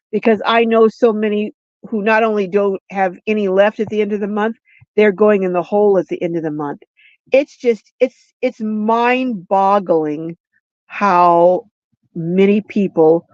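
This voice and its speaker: A woman's voice: medium pitch, dry recording, muffled recording. An older woman hosting a casual livestream, rambling and chatty as she reads out viewer comments, recorded on a phone. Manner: rambling, chatty, frequent restarts and slow drawn-out words. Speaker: livestream host.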